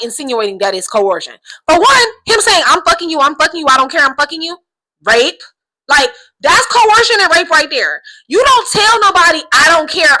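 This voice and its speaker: Young woman vlogger, forceful bright tone, outspoken casual commentary. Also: fairly high pitch, low-quality recording. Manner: emphatic, keeps asking "right?"; outspoken, swears freely.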